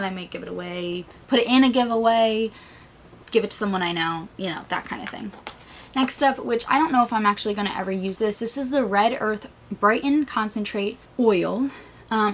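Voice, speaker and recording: A woman chatting casually through a beauty box unboxing, talking fast and trailing off, still recovering from a migraine in a small stuffy room. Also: mid-range voice, a little hiss or hum. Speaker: beauty vlogger.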